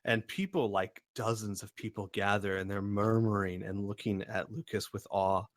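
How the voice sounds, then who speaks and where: A man's voice: fairly low pitch, fairly even intonation, moderate pace, no echo, clean studio sound. A man narrating as game master in a casual, chatty way, with fillers and laughter.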